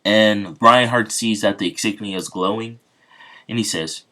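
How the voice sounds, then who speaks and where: A man's voice: fairly low pitch, unhurried, bright, forceful tone. A man casually retelling a fan story, rambling with many fillers.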